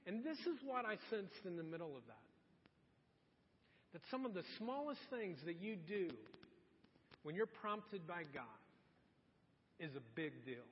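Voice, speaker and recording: Male pastor, very high voice, conversational sermon, dull echoey hall sound. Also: very animated, unhurried, pauses often, slight background noise. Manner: storytelling, conversational and earnest. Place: church sanctuary.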